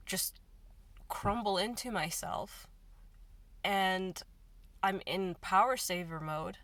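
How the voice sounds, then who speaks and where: A woman speaking in a halting, emotional way in a personal confessional vlog, often repeating herself. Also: medium pitch, fairly bright tone, no echo, distant mic. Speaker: vlogger.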